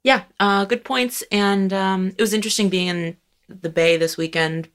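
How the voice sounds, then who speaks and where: A woman's voice: mid-range voice, fairly even intonation, moderate pace, fairly bright tone. A woman from San Francisco co-hosting a podcast in casual chat, playful and jokey. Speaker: podcast co-host.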